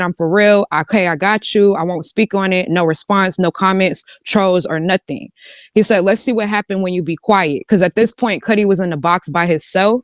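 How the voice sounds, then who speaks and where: Woman streamer, candid casual storyteller reading texts aloud, lowish pitch. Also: smooth, dry recording, studio quality. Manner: reads out text messages, slangy and candid. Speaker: live streamer. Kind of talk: casual recounting of messages.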